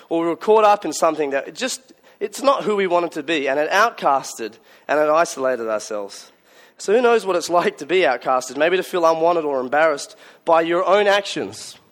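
A man preaching a Christmas sermon, telling stories in a conversational, self-mocking way. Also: a little high. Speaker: pastor.

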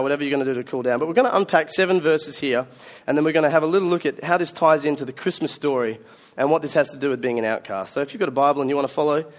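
A man preaching a Christmas sermon, telling stories in a conversational, self-mocking way. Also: fairly high pitch. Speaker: pastor.

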